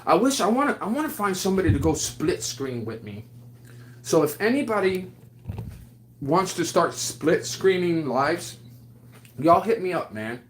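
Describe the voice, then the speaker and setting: A man's voice: fairly high pitch, big pitch swings, measured pace, pauses often, slight background noise. A man chatting casually on his livestream, rambling and affectionate, with lots of fillers as he answers viewers. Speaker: livestream host.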